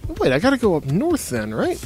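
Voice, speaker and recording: A man's voice: high voice, wildly swooping pitch, quick pace, darkish tone, a little hiss or hum. A man giving casual let's-play commentary while he plays, swearing a lot and swinging between muttering and frustrated outbursts. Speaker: gamer playing a game.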